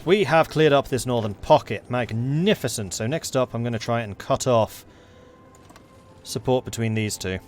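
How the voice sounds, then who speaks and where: A man's voice: medium pitch, animated, measured pace, long pauses, faint music behind. A man with a South London accent narrating his strategy game playthrough in a playful, theatrical way. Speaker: gaming channel host. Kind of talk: strategy game let's play with dramatic narration.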